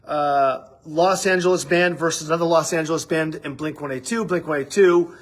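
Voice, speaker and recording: A man's voice: on the high side, fairly quick. A man hosting a daily livestream, chatting loosely and rambling, with casual swearing. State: out of breath after running. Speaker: livestream host. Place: studio office with window.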